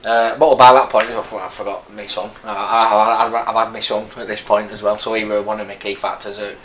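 This army veteran, in his thirties and from Burnley in northern England, has a Lancashire accent and a lowish, slightly bright voice, delivered flat and brisk. He's a guest in a casual interview, frankly telling his story and rambling with many restarts, recorded in an echoey room with faint noise.

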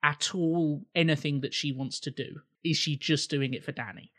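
A man's voice: fairly high pitch, steady tone, normal speed, sharp tone. A man co-hosting a casual film podcast, thinking aloud with many restarts and the odd swear. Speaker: podcast co-host. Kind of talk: casual film commentary chat.

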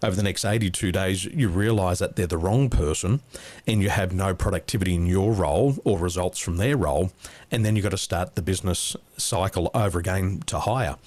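A middle-aged man with an Australian accent, a business coach telling stories in a relaxed, anecdotal way as an interview guest. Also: low-pitched, brisk, dry recording. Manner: relaxed, anecdotal, chuckles at his own jokes. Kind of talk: interview storytelling.

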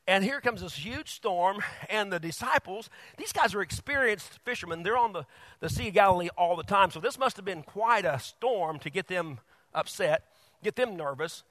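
Male pastor, high bright voice, lively sermon delivery, dry close sound. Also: moderate pace, no echo. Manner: animated, laughs often, bursts loud on quotes.

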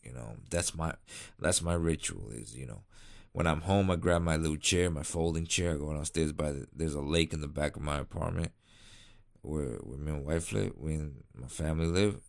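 Deep low guy rambling on about his cigar ritual, tired late night chat, swears a bit. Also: moderate pace, creaky. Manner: rambling, laid-back, swears casually. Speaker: cigar vlogger. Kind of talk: casual chat.

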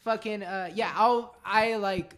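A young man in animated casual chat, swearing and saying "bro" and "like" a lot. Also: high voice, measured pace.

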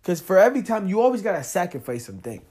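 Young guy w/ aave talking straight at you on his podcast, kinda high voice, gets loud n heated. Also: racing, husky. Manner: animated, talks straight to the listener, rising loud when worked up. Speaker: podcast host. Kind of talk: casual monologue.

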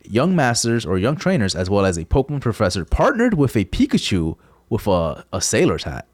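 A man's voice: on the low side, a little fast, no room sound, clean studio sound. A young man co-hosting a casual chat, joking around and reading out news items. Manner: relaxed, joking, reads news items aloud. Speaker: podcast co-host.

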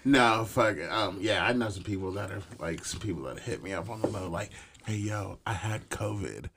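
A man's voice: lowish voice, a little fast, background noise. A man hosting a podcast, telling a profane story animatedly in casual chat. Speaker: podcast host.

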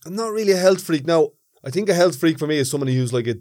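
A man's voice: fairly high pitch, lively intonation, very fast, a little mellow, no room sound, clean studio sound. A man from Ireland, co-hosting a podcast, jokey and chatty. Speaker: podcast co-host. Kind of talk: casual banter.

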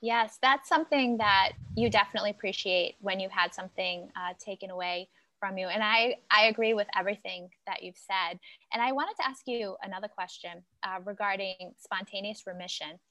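A woman interviewing a doctor, asking long, thoughtful questions with frequent filler pauses. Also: mid-range voice, bright, forceful tone, dry recording, poor audio.

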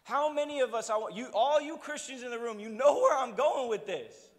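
A man's voice: extremely high pitch, brisk. A young adult man preaching a sermon as pastor, casual and humorous, with joking asides to the congregation. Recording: long hall reverb.

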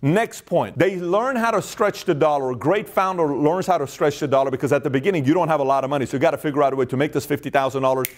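A man's voice: on the high side, quick pace, hardly any pauses. A man giving a motivational business talk, emphatic, acting out quoted inner voices. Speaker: host.

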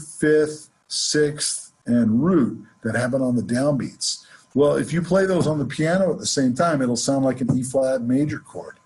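A man gives a jazz lesson, explaining scales in an easy, relaxed way. His voice is very smooth and resonant at a middle pitch, and he counts off the beats before each example. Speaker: jazz music teacher. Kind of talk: instructional lesson with playing examples.

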